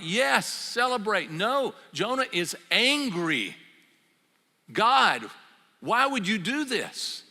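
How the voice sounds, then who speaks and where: An older man preaching a sermon, telling the story in a lively, conversational way. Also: high voice. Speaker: pastor. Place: church sanctuary. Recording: reverberant church hall.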